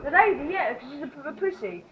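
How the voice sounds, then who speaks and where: A woman's voice: high voice, very animated, fast, very noisy. A woman filming a casual vlog, talking in a rowdy, crude way and swearing and laughing freely as she cheers on fireworks. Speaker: vlogger. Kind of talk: excited casual commentary while watching fireworks.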